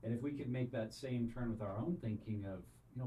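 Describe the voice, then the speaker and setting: A man's voice: medium pitch, fast, warm tone, a little hiss or hum, poor audio. A man hosting a podcast conversation, earnest and affirming, reflecting back what his guest says. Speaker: podcast host.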